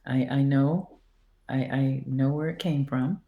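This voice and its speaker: A woman's voice: rumbling low, measured pace, narrow, tinny audio. A woman guest on a podcast, casually telling a story and acting out the dialogue. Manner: animated, acts out quoted dialogue. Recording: roomy echo.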